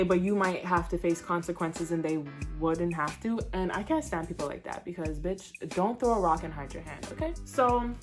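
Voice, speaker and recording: A young woman telling a casual storytime vlog, blunt and slangy with an animated delivery. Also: medium pitch. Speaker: vlogger.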